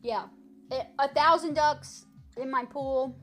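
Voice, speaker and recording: A high-voiced woman talks casually on a live stream, taking her time over each word. She is playful and loose, swearing freely as she carefully sounds out French phrases. Faint music plays in the background. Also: fairly even intonation, slow pace, fairly bright tone.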